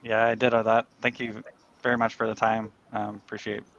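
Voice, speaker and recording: A male guest gives short, plain answers on a video call. His voice is low and gravelly, with a lot of fry. The sound is dull and muffled. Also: flat delivery, fairly quick, a bit bright. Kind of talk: casual interview answers.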